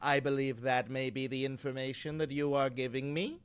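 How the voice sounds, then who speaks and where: A man hosting a casual livestream, joking with chat, swearing freely, swinging between loud and quiet talk at a home microphone. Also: medium pitch, fairly even intonation, normal speed, clean tone. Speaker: livestream host. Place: home room. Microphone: studio microphone.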